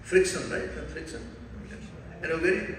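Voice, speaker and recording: A man's voice: on the high side, moderate pace, noisy background. North Indian man preaching in an echoey hall. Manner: animated storytelling, quizzing the audience. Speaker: preacher teaching a scripture class. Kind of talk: sermon. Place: large temple hall. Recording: echoey hall recorded from far off.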